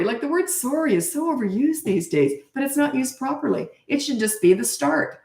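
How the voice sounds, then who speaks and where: A woman's voice: mid-range voice, animated, normal speed, vocal fry, a little mellow. A middle-aged woman who is a parenting coach, giving blunt, confident advice on a casual live stream. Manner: blunt, confident, acts out quoted dialogue. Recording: echoey room.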